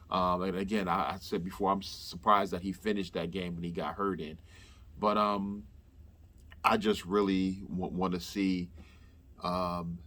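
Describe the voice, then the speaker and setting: A man's voice: deep voice, a bit bright. A man hosting a sports fan show, talking casually and rambling with lots of fillers and restarts. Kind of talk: casual chat.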